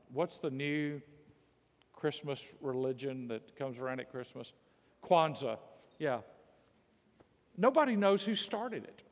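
A man's voice: a little high, big-room sound. A middle-aged male pastor preaching a sermon emphatically, with quips and asides.

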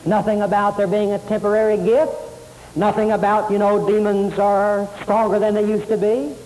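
A man's voice: high voice, little pitch movement, moderate pace, darkish tone. A man preaching a sermon, emphatic, repeating key phrases and quoting scripture. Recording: hissy tape in a long-reverb hall.

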